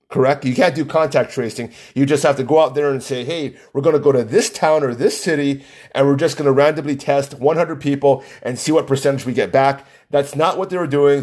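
A man hosts his own podcast alone, chatting loosely with plenty of "uh" and false starts. His pitch sits in an ordinary middle range, and the talk wanders from one point to the next. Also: a little mellow, slightly rough. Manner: rambling, chatty, frequent fillers and restarts. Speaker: podcast host. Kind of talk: casual solo podcast talk. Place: Hawaii.

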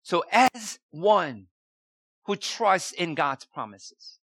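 A male pastor preaches at an unhurried pace in a high, bright, forward voice with a breathy edge, very animated. He keeps asking rhetorical questions and hammering key words. The recording is close and dry, with no room sound.

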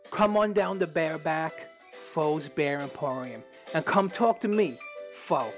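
Loud, teasing low-voiced woman. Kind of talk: casual banter.

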